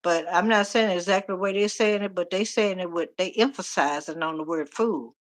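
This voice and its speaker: Middle-aged woman, animated tarot reader on a casual live stream. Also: lowish voice, brisk. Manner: chatty, animated, talks to viewers directly.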